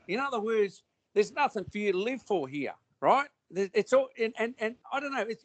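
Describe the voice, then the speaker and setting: An Australian man with a fairly high voice, talking in a loose, rambling way full of restarts, blunt slang and swearing. He sounds close to the mic in a dry space with no room echo. It is casual conversation.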